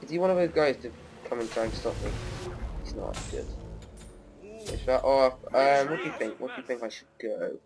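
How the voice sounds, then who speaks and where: A man's voice: medium pitch, lively intonation, a little fast. Chatty young gamer guy. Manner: chatty, laughs and taunts while playing. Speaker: gameplay commentator. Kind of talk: casual gameplay commentary.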